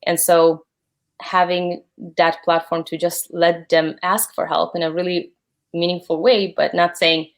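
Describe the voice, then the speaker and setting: A woman in her thirties speaking as an interview guest, her voice on the lower side. She sounds earnest and grateful, with frequent ums and restarts. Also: flat delivery, measured pace. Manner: earnest, grateful, with many fillers. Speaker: guest, platform founder. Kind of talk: conversational interview.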